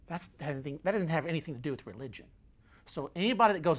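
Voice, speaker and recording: This folksy, middle-aged motivational host speaks fast in a fairly high, expressive voice. Emphatic and gesturing with his hands, he repeats key phrases to hammer his points in, his volume rising and falling.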